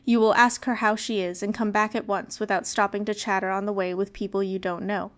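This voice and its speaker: Gentle, instructing mother for a storybook reading, read by a woman; smooth tone. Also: medium pitch, little pitch movement, brisk, close to an everyday voice.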